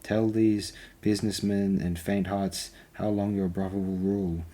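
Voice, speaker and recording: A brash man in a crowd, calling out a pointed challenge, as a man reads him. Deep and husky. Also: level tone, unhurried. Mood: challenging. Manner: calling out loudly.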